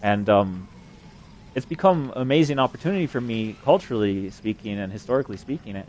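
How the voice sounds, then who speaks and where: A man's voice: on the low side, animated, brisk, a little mellow, slight background noise. A young adult man telling a long, rambling story, swearing constantly and padding it with fillers. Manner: crude, profane, rambling, with frequent fillers and swearing. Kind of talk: rambling profane storytelling monologue.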